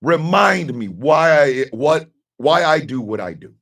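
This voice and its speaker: A man's voice: a little high, big pitch swings, a little slow, a bit bright, distant mic. A middle-aged man hosting a radio talk show, giving a blunt, profane personal monologue and repeating his key lines for emphasis.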